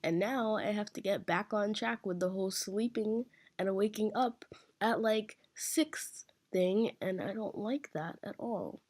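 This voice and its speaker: A teenage girl hosting a casual build commentary, her voice hoarse from just waking up, rambling along in a chatty, self-deprecating way. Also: mid-range voice, measured pace, a little mellow. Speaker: Sims builder channel host.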